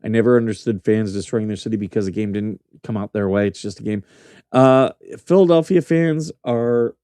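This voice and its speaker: A man hosting a casual news show speaks in a dark, mellow voice and a middle pitch. He talks bluntly and mockingly, with plenty of swearing. The sound is dry and close, with little room echo. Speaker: host. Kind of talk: casual commentary on news clips.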